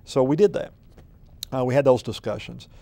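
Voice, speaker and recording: A man's voice: mid-range voice, normal speed, gravelly, warm tone, no room sound. A man speaking as a city manager in a conversational interview, telling stories in a rambling, folksy way full of ums and restarts. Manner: rambling, filler-heavy, folksy storytelling.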